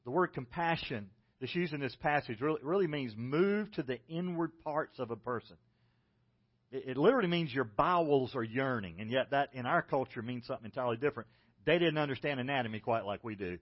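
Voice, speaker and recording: A pastor from South Carolina with a Southern accent, preaching a sermon in a folksy storytelling way with self-deprecating humor. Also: male voice, medium pitch, animated, brisk, muffled recording. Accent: Southern American. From South Carolina, United States.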